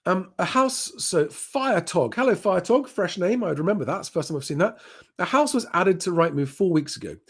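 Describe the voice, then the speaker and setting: Man, live Q&A host, slightly higher voice, easygoing, lots of ums. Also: brisk, breathy edge. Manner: relaxed, conversational, frequent "um" fillers. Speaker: host answering viewer questions. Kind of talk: live Q&A stream.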